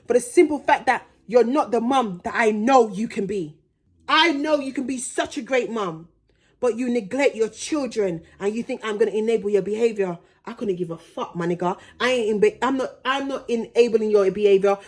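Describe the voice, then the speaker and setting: A young pregnant woman, vlogging straight to camera, blunt and indignant, swearing freely and calling it passion. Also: a little high. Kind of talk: heated direct-to-camera vlog.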